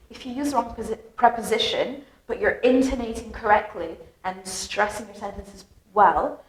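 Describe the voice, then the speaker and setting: British woman, English teacher, fairly high, melodic stressing, echoey room. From Britain. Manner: melodic, exaggerated stress on key words. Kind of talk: lively explanatory lesson.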